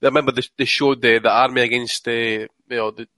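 Male podcast co-host: quick, stop-start delivery, dry close sound, mid pitch. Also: level tone, pushed and bright, no room sound. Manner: halting, many restarts, heavy swearing. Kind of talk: casual chat.

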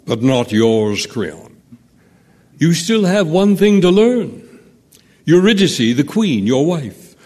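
A man's voice: on the high side, big pitch swings, takes it slowly, pauses often, a little mellow, big-room sound, full character voice. A man voicing a solemn, ominous chorus narrator in a radio drama, grave and declamatory.

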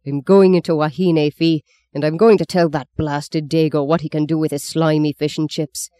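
Brief: reader doing an explosive, swearing farm father, storybook reading, gruff timbre, dry sound. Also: mid-range voice, expressive, slow, mellow, no echo. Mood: furious. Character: hot-tempered father of a large farm family.

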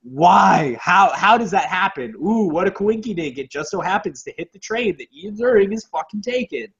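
Male co-host, sarcastic casual riffer, higher voice, muffled lo-fi recording. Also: moderate pace, gravelly. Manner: sarcastic, swears freely, animated. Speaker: podcast co-host. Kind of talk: casual movie review chat. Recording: dull lo-fi audio.

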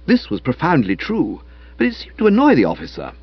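A man narrating a comic novel aloud in a wry, lively storytelling manner. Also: fairly high pitch, a little fast, slightly rough, no room sound, lo-fi sound. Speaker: audiobook narrator.

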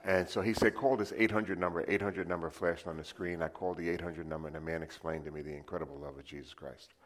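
A man's voice: a bass voice, little pitch movement, fast talker. An older man from New City, giving a testimony sermon and telling his story in a conversational way, drawing the congregation into call-and-response. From New York City. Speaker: preacher.

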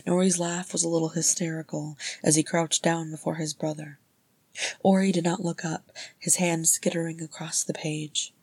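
Low, flat-voiced woman narrator. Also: normal speed, slightly rough, no room sound. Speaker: audiobook reader. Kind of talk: fan fiction audiobook narration.

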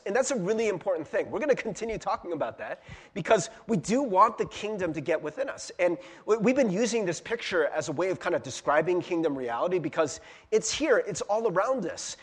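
A man's voice: sits high, husky. A man, the pastor, preaching a sermon in a casual, conversational way, often tossing in "right?" and laughing at himself. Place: church sanctuary. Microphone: handheld or stand mic.

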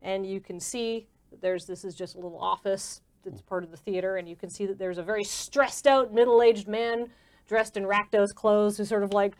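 A woman's voice: mid-range voice, fairly even intonation, normal speed. A woman narrating a tabletop game as game master in a casual, descriptive way. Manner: casual, descriptive, many fillers.

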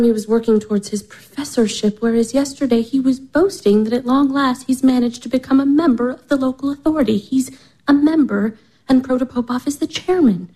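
A woman's voice: a little high, warm tone, lightly acted. A woman playing a despairing young woman, tearful. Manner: anguished, tearful, breaking into whispers. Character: despairing young woman nearly twenty-four, weary of life. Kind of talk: stage drama acting.

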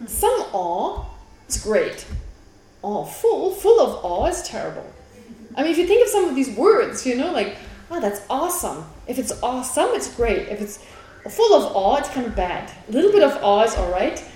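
Woman teaching philosophy, mellow and high, patient and chatty, recorded in a roomy class with faint noise. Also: big pitch swings, normal speed. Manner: explanatory, asks the class questions, laughs easily. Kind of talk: classroom lecture. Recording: echoey room with faint background noise.

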